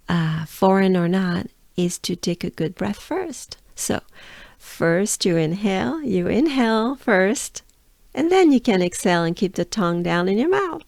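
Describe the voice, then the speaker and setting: A woman's voice: medium pitch, vocal fry, darkish tone, no room sound, studio quality. A woman from France with a French accent, giving a patient pronunciation lesson and repeating sounds for the listener to copy. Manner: patient, repeats sounds slowly, coaches breathing. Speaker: pronunciation teacher.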